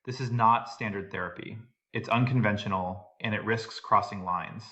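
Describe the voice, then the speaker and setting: A man voicing a composed female therapist who speaks softly and measuredly, in a low, plain voice. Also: fairly even intonation. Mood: calm, intimate. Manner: measured, soft-spoken.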